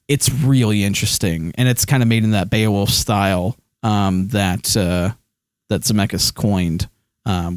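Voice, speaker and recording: A man's voice: lowish voice, a little mellow, no echo, studio quality. Rambling man chatting on a live stream. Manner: rambling, full of ums and likes. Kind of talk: casual live-stream chat. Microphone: hand microphone.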